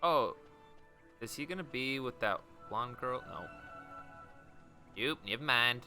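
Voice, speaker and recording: A young man streaming a game live, joking and reacting with quick playful asides. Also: mid-range voice, expressive, bright, forceful tone, faint music behind.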